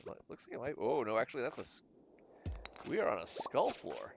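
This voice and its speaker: Streamer, man, gravelly voice, lively pitch, jokey and profane while playing. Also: fairly quick, very noisy. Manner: joking, swears freely, hums and mutters while playing. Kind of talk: casual gameplay commentary.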